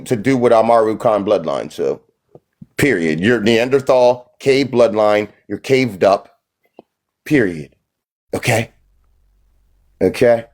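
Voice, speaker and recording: A man's voice: medium pitch, darkish tone. A man hosting a live stream, arguing in a confrontational, mocking way and repeating his phrases. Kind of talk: heated live-stream argument.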